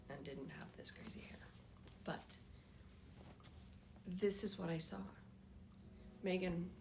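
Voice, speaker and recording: A woman's voice: fairly low pitch, noisy background. Grandmother whispering through a heartfelt story. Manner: often drops into soft whispers; emotional, reflective. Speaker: vlogger. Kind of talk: personal storytelling to camera.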